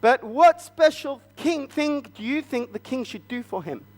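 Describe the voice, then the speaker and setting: A man with a notably high voice leads a church family service through a story, drawing it out slowly and coaxing the children with questions. His words echo with long reverb across a large church hall. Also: lively intonation, slight background noise. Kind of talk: interactive retelling of a Bible story.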